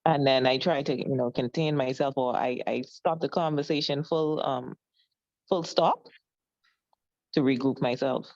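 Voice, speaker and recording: Woman, class participant, hesitant and halting, very low voice, dull lo-fi call audio. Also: fairly even intonation, darkish tone, dry recording. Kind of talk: casual answer in an online class.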